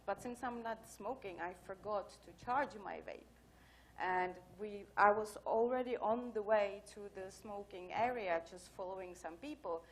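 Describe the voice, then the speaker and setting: A woman's voice: medium pitch, moderate pace. A woman giving a conference talk, telling anecdotes in a chatty way full of fillers. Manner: chatty, storytelling with many fillers. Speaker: conference speaker. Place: conference hall.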